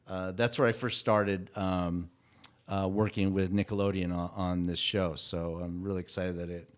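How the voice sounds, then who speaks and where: Smooth-voiced man telling stories. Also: sits low, flat delivery. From Mexican heritage. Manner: storytelling, halting with many restarts. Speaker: guest, cultural consultant for an animated show. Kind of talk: casual podcast interview.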